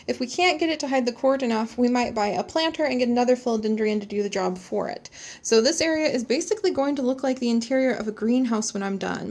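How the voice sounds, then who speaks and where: A woman vlogging in a casual, chatty and enthusiastic way, with lots of "like" fillers. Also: high voice. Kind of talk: casual chat.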